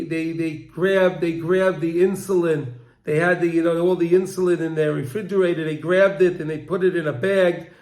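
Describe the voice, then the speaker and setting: High-voiced emotional Torah storyteller man. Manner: emotional storyteller, repeats words and restarts, cries out quoted pleas. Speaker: Torah teacher.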